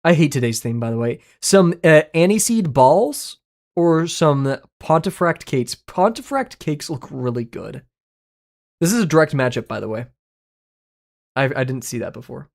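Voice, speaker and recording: A streamer chatting casually and excitedly with viewers, laughing often and swearing freely while reacting to chat. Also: medium pitch, creaky.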